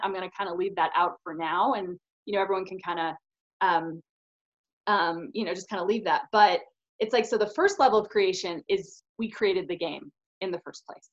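A woman's voice: medium pitch, fairly bright tone. A woman co-hosting a spiritual podcast, talking earnestly and emphatically in casual chat with many "you know"s. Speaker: podcast co-host. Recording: slightly dull lo-fi audio.

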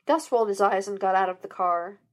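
Woman reader, fan fiction narration, even and plain. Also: medium pitch, brisk. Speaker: audiobook reader.

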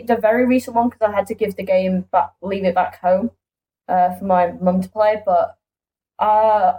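Mellow-voiced woman chatting hesitantly. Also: medium pitch, poor audio. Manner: hesitant, lots of fillers. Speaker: podcast co-host. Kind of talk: casual chat.

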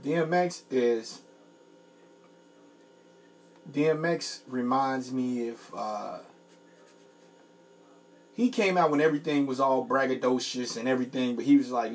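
A man co-hosting a casual comedy podcast, relaxed and playful, eager when he talks about music. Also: mid-range voice, moderate pace. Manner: laid-back, enthusiastic about music, playful. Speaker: podcast co-host.

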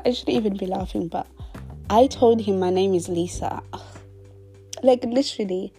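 A woman's voice: medium pitch, normal speed, gravelly, dark tone, breathy edge, faint music behind. A woman in her twenties telling a storytime in a chatty, dramatic way, dropping into whispered asides. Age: 20s. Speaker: vlogger. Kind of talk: casual storytime monologue.

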